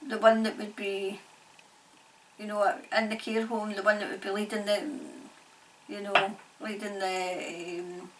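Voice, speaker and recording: Scottish woman, halting and repetitive, faint background noise. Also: medium pitch, far from the mic, poor audio. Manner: halting, repeats phrases, laughs often. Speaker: psychic medium. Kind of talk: channelling session, casual monologue.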